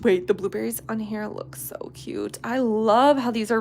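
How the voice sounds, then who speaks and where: A woman in her thirties chatting on a live stream while she sculpts, bubbly and chatty, greeting viewers by name and dropping into soft asides. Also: on the high side, steady tone, a little slow, creaky, few pauses, a little hiss or hum.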